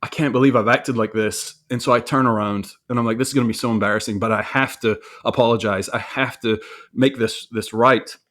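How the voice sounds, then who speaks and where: A man's voice: medium pitch, fairly even intonation, fairly quick, fairly bright tone. A man telling a story about his own mistake in a candid, self-reflective way, with frequent restarts and repeated words. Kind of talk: conversational storytelling.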